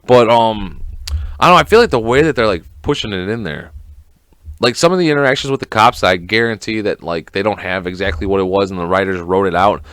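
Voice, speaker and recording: A man's voice: lowish voice, lively intonation, brisk, fairly bright tone, smooth, dry recording. A man hosting a casual solo podcast, rambling and swearing a lot and acting out scenes in quoted voices. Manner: rambling, profane, lots of fillers. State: sick. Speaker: podcast host.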